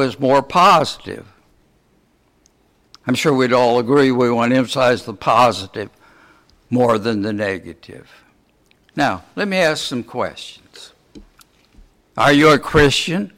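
Slow, questioning male preacher. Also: medium pitch, fairly bright tone. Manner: asks the congregation many rhetorical questions; slow, deliberate delivery. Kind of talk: sermon.

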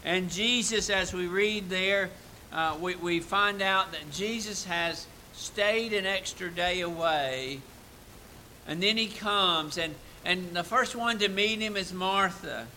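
Bright high-voiced man preaching slowly. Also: slight background noise, low-quality recording. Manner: earnest, rising to emphatic peaks and dropping to soft reflective asides. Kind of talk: sermon.

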